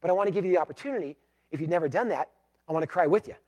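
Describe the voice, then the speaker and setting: A pastor preaching a sermon, emphatic, moving between loud declarations and hushed, pleading passages. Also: male voice, a little high, rapid-fire.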